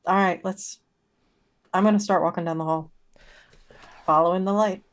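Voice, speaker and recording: A woman playing a confused character in a horror tabletop game, speaking hesitantly with many pauses and ums. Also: on the low side, steady tone. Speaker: player.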